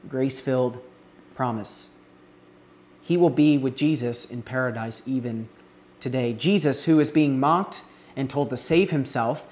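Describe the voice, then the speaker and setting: A man preaching an expository sermon, earnest, building emphasis on key words and pausing to restart now and then. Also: medium pitch.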